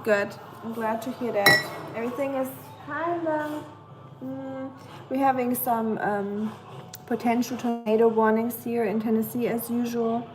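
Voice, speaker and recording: A woman with a German accent hosting a casual livestream at home, chatting with viewers, answering the chat and filling pauses with "um.". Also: on the high side, fairly even intonation, low-quality recording. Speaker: livestream host.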